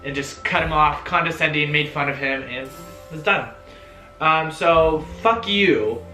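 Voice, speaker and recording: A young man telling a story-time vlog in a chatty, animated way, full of fillers and swearing. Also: a little high, normal speed. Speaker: vlogger. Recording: roomy echo, faint music.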